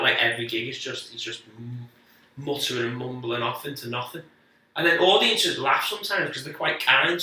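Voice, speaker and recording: Guesting on a podcast, a comedian rambles through loose, profane anecdotes, laughing at himself with quick self-deprecating asides. His medium-pitched voice is piercingly bright, and he sounds a little far from the mic in a strongly echoing space.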